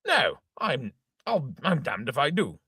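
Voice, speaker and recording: Casting: a man playing a fuming old father, bright edgy tone, wildly swooping delivery, husky. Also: on the high side, big pitch swings, unhurried, dry recording, clean studio sound, exaggerated voice. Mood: indignant. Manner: sputtering oaths, exclaiming, shouting indignantly. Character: blustering old gentleman father, hot-tempered. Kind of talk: amateur reading of an old stage farce.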